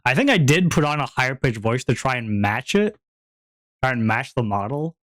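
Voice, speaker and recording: A man's voice: medium pitch, expressive, normal speed, fairly bright tone, no room sound. A young man chatting casually on a stream, rambling, repeating himself and laughing often. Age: young adult.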